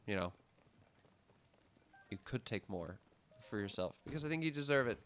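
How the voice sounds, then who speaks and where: A man's voice: lowish voice, lively intonation, moderate pace, a bit bright. A young man streaming a game, chatting casually and rambling, often stopping himself mid-thought and laughing. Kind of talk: casual gameplay chat.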